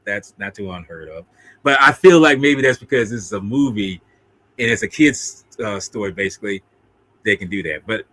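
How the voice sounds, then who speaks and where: A man's voice: medium pitch, sharp tone, dry recording. A man casually recapping an old monster film, laughing often and acting out the characters in mock voices. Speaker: co-host of a film discussion video. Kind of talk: casual movie recap chat.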